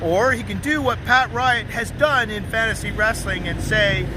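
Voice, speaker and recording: High-voiced, emphatic man telling a story. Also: moderate pace, few pauses, noisy background. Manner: emphatic, mocking. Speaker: interviewee. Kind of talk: animated storytelling.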